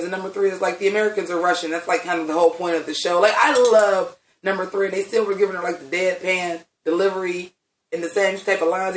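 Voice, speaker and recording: Man reviewing a TV episode in a roomy space. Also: high voice. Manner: animated, profane, chatty with laughs. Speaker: TV recap vlogger. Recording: roomy sound from a distant mic.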